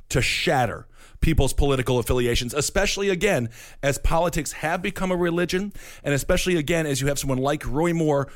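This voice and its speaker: A man's voice: fairly high pitch, dry recording, studio quality. A man with a Midwestern accent hosting casual political chat, rambling with wry asides and frequent restarts. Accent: Midwestern American. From Wisconsin.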